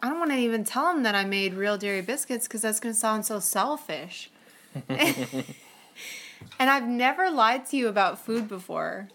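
A woman's voice: fairly high pitch, expressive, moderate pace, fairly bright tone, slight background noise. A woman co-hosting a podcast, telling a story in a chatty way, with lots of fillers and giggles. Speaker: podcast co-host. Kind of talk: casual storytelling chat.

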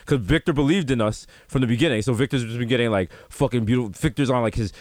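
A young man co-hosting a podcast, riffing in casual comedic banter and acting out voices in quick bits. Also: mid-range voice, no echo, clean studio sound. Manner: animated, acts out voices in quick riffs. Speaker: podcast co-host.

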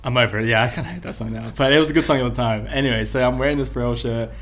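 A man's voice: medium pitch, racing, fairly bright tone. Young man telling rambling stories. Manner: rambling storytelling full of fillers. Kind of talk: casual chat.

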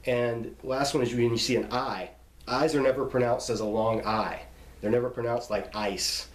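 A man's voice: mid-range voice, fairly even intonation, moderate pace, echoey room. A man, a Bible teacher, casually explaining pronunciation rules, restarting phrases as he thinks aloud.

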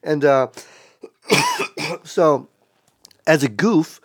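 A man as a podcast guest in casual chat, telling stories in a profane, animated way. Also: fairly high pitch, very slow, slightly rough, no room sound, clean studio sound.

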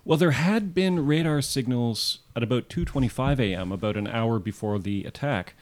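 A man in a casual podcast chat, walking his co-hosts through events point by point. His delivery is steady and measured, at a middling pitch. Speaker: podcast co-host. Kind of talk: casual history podcast storytelling.

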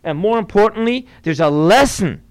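A man's voice: sits high, lively intonation, normal speed, low-quality recording. A man teaching a Torah class as a rabbi, explaining earnestly and weaving in Hebrew and Yiddish quotations.

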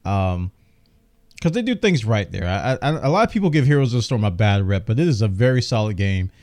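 Lively man hosting gaming news. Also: lowish voice, a little fast. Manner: enthusiastic, chatty, reads out game details. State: losing his voice, coughing. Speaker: gaming news podcast host. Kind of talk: casual news commentary.

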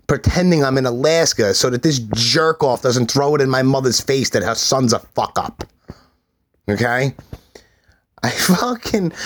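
A middle-aged man, telling his life story on a solo podcast in a profane, animated way. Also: fairly high pitch. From New York City. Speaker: podcast host.

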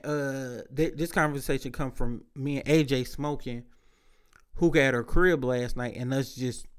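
A young man hosting a podcast, telling casual stories in a loose, profane way with a lot of laughter. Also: medium pitch. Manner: profane, laid-back storytelling with frequent laughs. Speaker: podcast host. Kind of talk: casual storytelling monologue.

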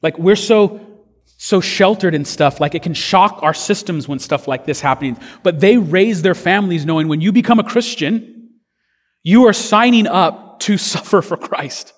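A man's voice: high voice, moderate pace, in a large hall. A man preaching a sermon as pastor, earnest and conversational, with fillers and restarts.

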